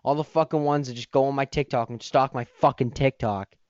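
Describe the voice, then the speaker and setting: A man's voice: mid-range voice, fairly even intonation, a little fast, darkish tone, no echo, lo-fi sound. A man hosting a podcast, ranting in a heated, profane, rambling way. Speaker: podcast host. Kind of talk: casual podcast rant.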